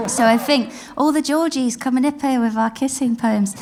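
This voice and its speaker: A woman spoken-word poet, performing live on a theatre stage, mixing giggly, rambling asides with slow, lyrical recitation. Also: on the high side, noisy background.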